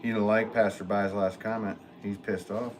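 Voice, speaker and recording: A man, a potter, chatting casually on a livestream and reading out viewer comments, relaxed and joking, with frequent chuckles. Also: lowish voice, normal speed, background noise. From northwest Connecticut. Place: pottery studio.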